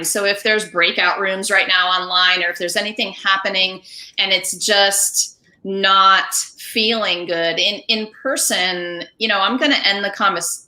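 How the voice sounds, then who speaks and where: A woman's voice: medium pitch, bright, forceful tone. A woman hosting a podcast, chatting casually and thinking aloud, trailing off and restarting. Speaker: podcast host. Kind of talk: casual conversation. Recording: echoey room.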